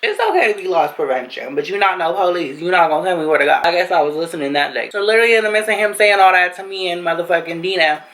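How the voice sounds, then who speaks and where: A young woman vlogger telling a storytime tale to camera in an animated, slangy, profane way. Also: on the low side, fast, few pauses, low-quality recording. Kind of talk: storytime vlog.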